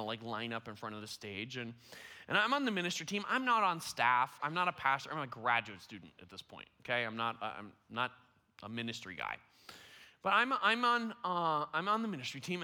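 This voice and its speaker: A young man preaching, telling a story in an animated, self-deprecating way, full of fillers like "like" and "you know.". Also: a little high. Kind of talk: sermon storytelling. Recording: long hall reverb.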